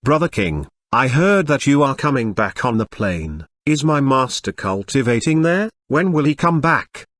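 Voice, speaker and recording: A text-to-speech male voice reading the lines of an eager young male disciple in flat machine tones. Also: medium pitch, normal speed, hardly any pauses, no room sound, studio quality.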